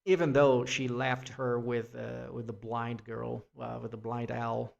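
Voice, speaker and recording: Dude rambling thru his own essay, swears a lot, talks real slow. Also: medium pitch, level tone, creaky, dull audio. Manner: rambling, restarts, swears casually, acts out quotes. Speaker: essay vlogger. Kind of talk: free-form spoken essay.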